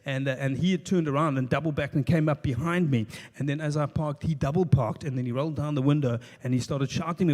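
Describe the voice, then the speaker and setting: A man's voice: fairly high pitch, fast, few pauses, a little mellow. A man with a South African accent doing a stand-up comedy routine. He tells rambling stories with lots of restarts and dry asides. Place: stage of a live show venue. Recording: echoey live venue.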